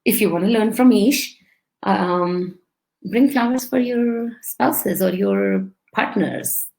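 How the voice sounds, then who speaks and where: A woman's voice: mid-range voice, slow, creaky, darkish tone. A woman hosting a casual live-stream chat, teasing her guest and laughing often. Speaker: show host interviewing her husband.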